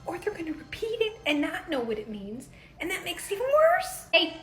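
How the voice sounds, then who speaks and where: A woman's voice: very high voice, wildly swooping pitch, fairly quick, a bit bright, faint music behind. A woman in her thirties telling funny stories in a casual vlog, chatty and swearing, laughing often. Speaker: vlogger, mom.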